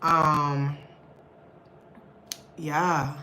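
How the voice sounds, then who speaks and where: A woman's voice: low-pitched, little pitch movement, very slow, bright, forceful tone, a little hiss or hum, rough recording. A young woman hosting a casual livestream, chatting with viewers and reading their comments, laughing often and calling her audience y'all. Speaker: livestream host.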